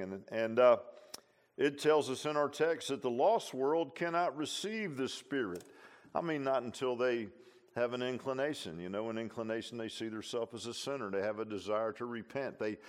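A man, preaching a sermon in a folksy, conversational way. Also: medium pitch.

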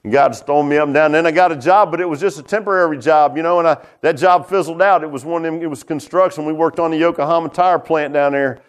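A middle-aged man preaching a folksy testimony sermon, repeating "man" and "huh?", swinging between loud preaching and hushed low tones. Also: quick pace, few pauses. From Virginia.

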